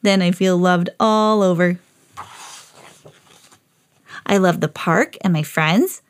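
A woman's voice: lowish voice, takes it slowly, clean tone. A woman reading a children's storybook aloud as a lovable, eager female pet dog. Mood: earnest. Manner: earnest storybook reading, rising excitedly.

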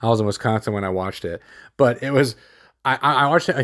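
A man's voice: medium pitch, animated, fairly quick, fairly bright tone. A man hosting a solo sports podcast, rambling and opinionated, with lots of fillers, restarts and casual slang.

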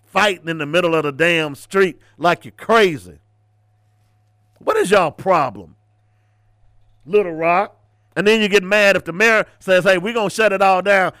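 Radio host, man, preachy and mocking, fairly high voice, dry close mic. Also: a little slow, long pauses, dry recording. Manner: preachy, ranting, mocking, switches between loud rants and low asides. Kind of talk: casual radio commentary.

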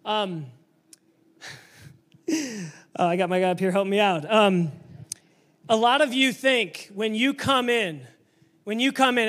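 A man preaching a sermon to a church congregation, energetic and emphatic, sometimes building up to shouting. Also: very high voice, a little slow, long pauses. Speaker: pastor.

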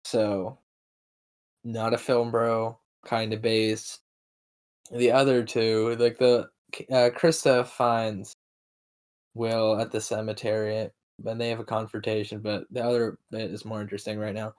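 A man's voice: on the low side, little pitch movement, unhurried, a little mellow. A man hosting a podcast, recapping a film in casual chat, laughing often and rambling with restarts. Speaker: podcast host.

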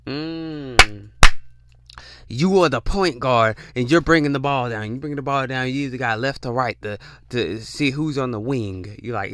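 In a preachy motivational monologue, a podcast host keeps calling out to his listeners and often stammers, restarting with repeated words. His mid-range voice is a bit bright. The studio-quality recording has no room sound.

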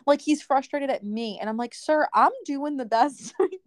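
A woman rants her way through everyday stories on a podcast, acting out what other people said and laughing along. Her voice sits fairly high and the recording is close and dry. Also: brisk, hardly any pauses, dry recording. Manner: chatty, ranting storyteller, quotes people, laughs often. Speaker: podcast co-host. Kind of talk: casual chat.

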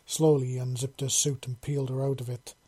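A man narrating a storybook chapter in a calm, unhurried, even way. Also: mid-range voice, breathy edge. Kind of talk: storybook reading.

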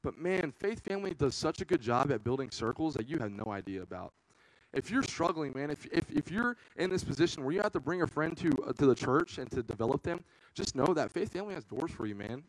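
A man's voice: fairly high pitch, very animated, a little fast, no echo, low-quality recording. A young man preaching a casual, earnest youth sermon, peppering his talk with "man".

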